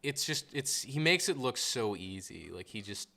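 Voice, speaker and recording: A man's voice: mid-range voice, expressive, normal speed, creaky, sharp tone. A man co-hosting a podcast in casual chat, rambling and laughing often with lots of fillers. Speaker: podcast co-host.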